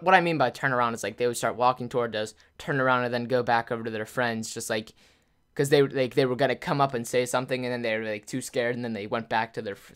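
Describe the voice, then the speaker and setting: A man's voice: mid-range voice, a bit bright, clean tone. A young man casually telling a rambling story to his viewers, full of "like" fillers and acted-out quotes. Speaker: YouTuber.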